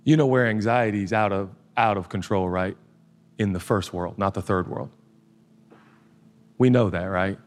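A male pastor preaching, swinging between loud emphatic passages and quiet, intimate asides. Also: lowish voice, measured pace, pauses often. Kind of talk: sermon. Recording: hall reverb.

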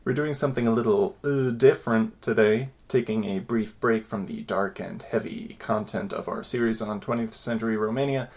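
A man hosting a podcast who talks in a quick, rambling way. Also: lowish voice, steady tone, darkish tone. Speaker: podcast host. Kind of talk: casual podcast chat.

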